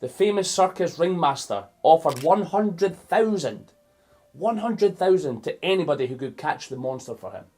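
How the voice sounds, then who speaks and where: Husky-voiced Scottish man reading a storybook. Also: a little high, normal speed. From Scotland. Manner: animated and playful, stopping to explain words to young listeners. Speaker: children's storyteller. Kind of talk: reading a picture book aloud to children.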